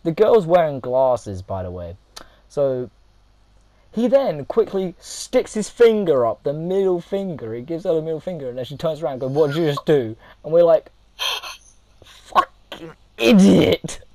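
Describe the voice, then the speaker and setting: A young man casually telling a funny story to his viewers, animated and laughing, acting out what people said. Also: fairly high pitch, moderate pace, dry recording, low-quality recording. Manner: animated, laughing, acts out quotes. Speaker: vlogger.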